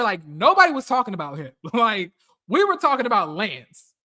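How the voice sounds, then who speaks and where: A man talks straight into his podcast mic in a loose, profane rant about the latest episode. His voice sits high and swoops dramatically up and down as he acts out his own and others' reactions. The delivery stays casual and heated, full of asides. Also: very animated, moderate pace, pushed and bright. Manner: ranting, profane, acting out quoted reactions. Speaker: podcast host. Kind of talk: casual reality TV recap commentary.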